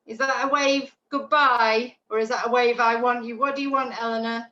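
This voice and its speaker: A woman teaching a dog training class over a video call, chatty and animated, often checking in with "yeah?". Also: a little high, normal speed. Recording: roomy, dull lo-fi call audio with faint noise.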